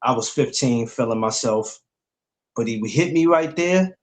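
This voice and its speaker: A man's voice: mid-range voice, lively intonation, unhurried. Blunt, laid-back male podcast host. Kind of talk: casual chat.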